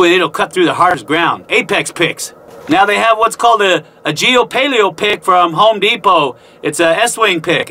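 A man's voice: sits high, pushed and bright. A man hosting a casual vlog as a gold prospector from inside a narrow mine tunnel, folksy and jokey, with whooping exclamations. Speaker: gold prospector and channel host. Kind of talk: casual show-and-tell vlog.

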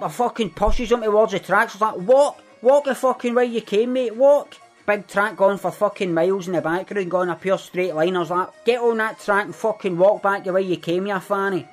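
A man's voice: high-pitched, fairly bright tone. A man playing a boastful, violent young Glasgow man in a comedic character monologue, telling a rambling story with a Glaswegian accent and heavy swearing.

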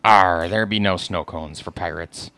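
A man voicing a blustery male pirate in playful, gruff pirate talk for his kids. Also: deep voice, unhurried, pushed and bright, no echo, exaggerated voice.

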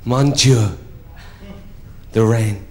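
A man's voice: fairly low pitch, very slow, a little mellow, slight background noise. A man doing a pompous old French count. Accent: French, put on. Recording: roomy live theatre with laughing crowd.

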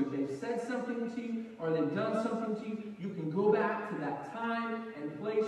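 A man preaching a sermon to a church congregation, telling a personal story in a chatty way and acting out the voices in it. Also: sits high. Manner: conversational, animated, acts out quoted voices. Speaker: pastor. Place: church sanctuary. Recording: roomy hall sound, mic at a distance.

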